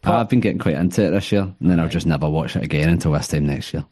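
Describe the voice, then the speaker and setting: A man speaks as a guest on a casual podcast, wry and laid-back with a joking tone. His voice is very low, and the recording sounds dry and close. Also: fast talker, warm tone, breathy edge, dry recording.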